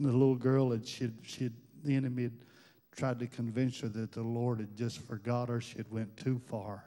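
A man's voice: mid-range voice, warm tone. Fervent man preaching in a reverberant hall. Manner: fervent preacher's delivery with folksy storytelling. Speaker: pastor. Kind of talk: sermon. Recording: reverberant hall with music behind.

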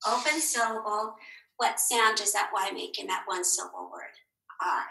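A woman teacher giving a recorded phonics lesson to young children, slow and encouraging, asking questions and answering them herself. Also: mid-range voice, creaky, bright, forceful tone. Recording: echoey room.

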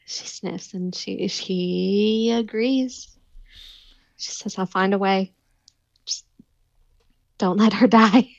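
A woman's voice: medium pitch, little pitch movement, slow, vocal fry, long pauses, highs cut off. A woman playing her character in a tabletop role-playing game, talking anxiously and stammering. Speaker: player.

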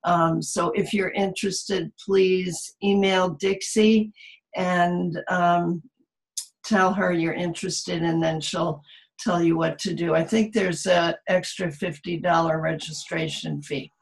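Woman, middle-aged, writing teacher, video call, gravelly, slow, hesitant. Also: lowish voice, fairly even intonation, poor audio. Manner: halting, with many fillers. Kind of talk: online video call presentation. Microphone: computer mic on a video call.

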